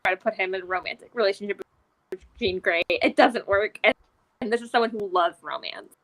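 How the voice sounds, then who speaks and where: Woman, podcast co-host, drawn-out vowels, slight vocal fry, casual chat. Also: medium pitch, fairly bright tone, low-quality recording.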